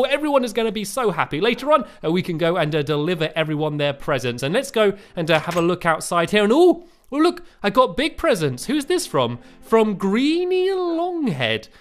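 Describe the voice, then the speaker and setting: A woman hosting a game video, narrating her play with animated exclamations and gasps. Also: sits high. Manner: animated, gasping exclamations and storytelling.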